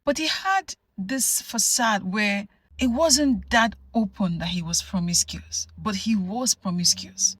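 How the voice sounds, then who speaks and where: A woman from Nigeria telling a personal story to camera in an animated, conversational way, full of asides. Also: medium pitch, slightly rough. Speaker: vlogger. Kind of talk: storytelling vlog.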